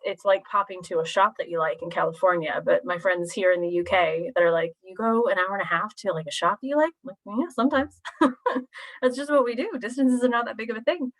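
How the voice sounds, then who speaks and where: A woman's voice: medium pitch, a bit bright. A woman from Pennsylvania in her thirties, giving a chatty, informal presentation on a video call. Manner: chatty, friendly, lots of fillers. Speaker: university recruitment presenter.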